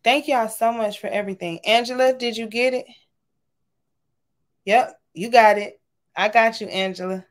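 A woman's voice: a little high, fairly even intonation, normal speed, pauses often. A woman, casually chatting and signing off from a livestream, talking affectionately to her viewers. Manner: warm, chatty, says y'all often. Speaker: livestream host. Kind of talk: casual livestream sign-off chat.

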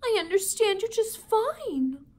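A woman doing an eager squeaky pet hamster. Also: sing-song, unhurried, exaggerated voice. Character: small cheerful male pet hamster, eager.

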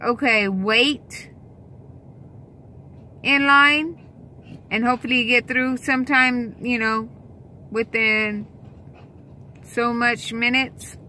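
A young woman rambles slowly to her phone camera, filling her talk with "um" and "you know" as she grumbles. Her voice is bright and lively, with a quick edge of exasperation when something annoys her. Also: on the high side, slight background noise. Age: young adult. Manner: rambling, exasperated complaining with many fillers. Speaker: vlogger. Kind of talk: casual chat. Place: inside a car, later a store.

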